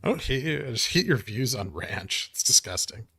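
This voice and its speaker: A man's voice: mid-range voice, big pitch swings, moderate pace, gravelly, pushed and bright, breathy edge. A man hosting a live stock market stream, talking casually and reading chat aloud, with wry, profane, ranting asides. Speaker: livestream host.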